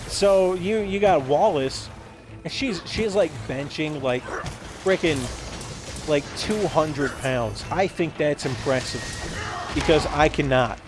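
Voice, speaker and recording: A man hosting a gaming video, telling a rambling, absurd story in a deadpan way and acting out quoted lines in voices. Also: fairly high pitch, slow, music in the background. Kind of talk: rambling comedic monologue while gaming.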